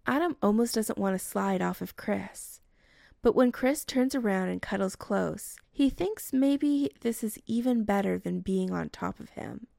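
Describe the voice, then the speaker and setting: Woman reading a story out loud, slow and unhurried, lots of vocal fry, dry close mic. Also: mid-range voice, dry recording. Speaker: narrator. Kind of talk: audiobook reading of a romance story.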